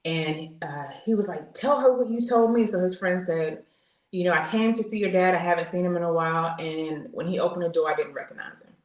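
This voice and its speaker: Woman, forties, lowish voice, earnest, candid storytelling, fillers and restarts, echoey room. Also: brisk, darkish tone. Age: 40s. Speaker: podcast guest, military veteran. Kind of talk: candid personal storytelling in conversation. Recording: roomy echo.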